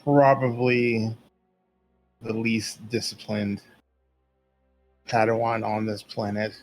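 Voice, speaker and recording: A man voicing a blunt, stubborn young Jedi apprentice in a slow, measured way. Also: fairly low pitch, little pitch movement, faint music behind, rough recording.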